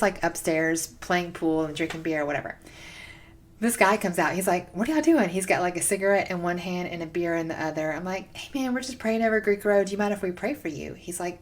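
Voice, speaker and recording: A young woman hosting a faith podcast, telling stories in a casual, excited way with lots of "like". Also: on the low side. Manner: excited, gushing, heavy use of "like". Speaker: podcast host.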